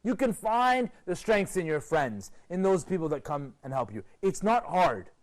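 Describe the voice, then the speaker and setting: A man presenting a TV program, giving an expressive motivational lecture to a group and asking rhetorical questions. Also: moderate pace. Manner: expressive, rhetorical questions, sweeping pitch swings.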